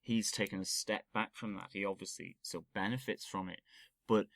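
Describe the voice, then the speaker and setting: A man's voice: fairly low pitch, fairly even intonation, moderate pace, vocal fry, fairly bright tone, no echo. A man co-hosting a film review podcast, talking in a rambling, casual way with frequent restarts. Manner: rambling, restarts phrases, laughs easily. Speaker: podcast co-host.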